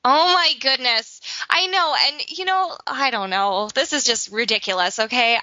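Chatty woman from Saskatchewan, bright voice. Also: high voice, normal speed, no echo. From Saskatchewan, Canada. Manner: chatty, laughs often, many fillers. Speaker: co-host. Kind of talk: casual celebrity gossip chat. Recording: dull lo-fi recording.

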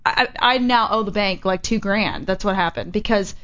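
A woman's voice: medium pitch, normal speed, fairly bright tone. A woman hosting a casual chat, telling rambling stories with many restarts, on a muffled recording. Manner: chatty storyteller, rambling with restarts. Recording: muffled lo-fi with faint hiss.

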